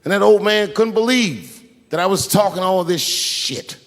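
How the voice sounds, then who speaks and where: A man doing stand-up comedy, telling a story in an animated, profane way. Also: sits high, normal speed, big-room sound.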